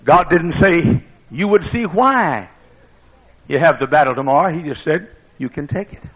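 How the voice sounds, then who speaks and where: A male preacher delivering a sermon in a dramatic style that booms and then drops to a hush. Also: lively intonation, normal speed, husky. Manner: dramatic preaching, booming one moment and hushed the next. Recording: dull lo-fi sermon recording.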